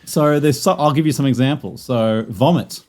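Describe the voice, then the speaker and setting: A man in a relaxed podcast chat, walking his friends through comic lore. He rambles, fills gaps with ums and likes, and restarts his sentences often, at a medium pitch. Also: moderate pace. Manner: rambling, lots of fillers and restarts. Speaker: podcast host presenting the lore. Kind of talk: casual chat.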